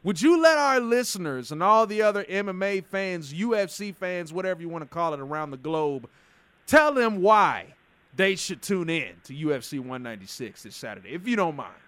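A man's voice: high voice, big pitch swings, normal speed, a bit bright, dry recording. A man hosting a radio show interview in an enthusiastic, hyped manner.

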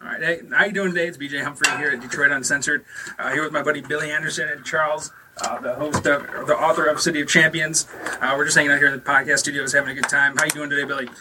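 A man's voice: a little high, fairly even intonation, rapid-fire. A man hosting a podcast in a studio, chatting loosely and rambling with lots of fillers. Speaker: podcast host. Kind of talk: casual chat. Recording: distant mic with audible hiss.

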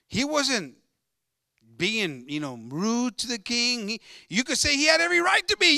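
Very animated and preaching at a moderate pace, this man has a very high, pushed and bright voice with some vocal fry. His emphatic sermon moves between Spanish and English, repeating points and calling his congregation brothers. It's studio quality with no echo.

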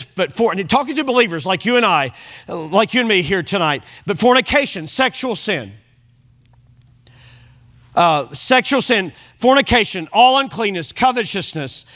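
A pastor with a high-pitched, sharp-toned voice delivers an evening sermon in church. He reads scripture aloud and explains it, frequently checking in with the congregation.

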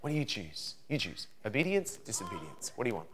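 Animated man giving a parenting seminar. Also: on the low side, fast, slight background noise. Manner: animated, acts out parent and child lines. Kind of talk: seminar talk with acted examples. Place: room with a live audience.

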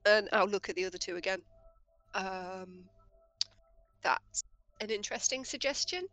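A woman in a tabletop game, speaking casually in her own voice. Her tone is notably bright and sharp, and she laughs easily. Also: mid-range voice, normal speed, pauses often, soft background music. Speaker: player.

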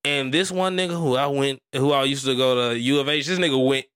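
A man's voice: medium pitch, fairly quick, a bit bright, clean tone. A man co-hosting a podcast, telling stories in a rambling, profane, casual way full of "like" fillers. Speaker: podcast co-host. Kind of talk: casual chat.

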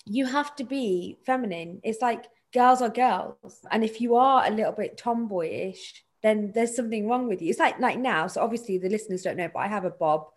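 A young woman co-hosting a casual podcast, animated and laughing, mimicking relatives' voices as she talks. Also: medium pitch, moderate pace, hardly any pauses. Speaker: podcast co-host. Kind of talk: casual film discussion podcast.

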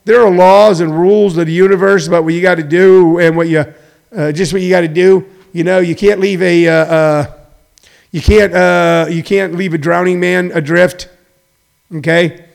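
A middle-aged man hosting a show, delivering a rambling comedic monologue that swings between loud, preachy emphasis and low muttering. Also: steady tone, normal speed, gravelly. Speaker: show host.

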